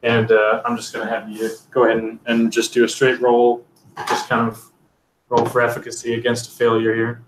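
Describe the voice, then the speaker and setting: A man's voice: mid-range voice, monotone, fairly quick. A man narrating as game master of a tabletop game, rambling with many fillers. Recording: roomy, distant mic, faint noise.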